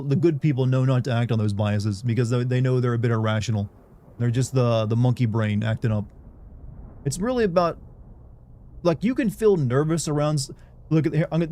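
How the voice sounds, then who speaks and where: A man's voice: medium pitch, mellow. A young man chatting casually on a livestream, rambling and candid as he talks to his viewers.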